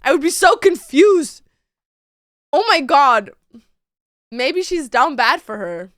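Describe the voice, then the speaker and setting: Bright, excitable young woman streamer. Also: unhurried, no room sound, clean studio sound. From Latin America. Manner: excitable, swings to squealing highs. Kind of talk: casual stream chat.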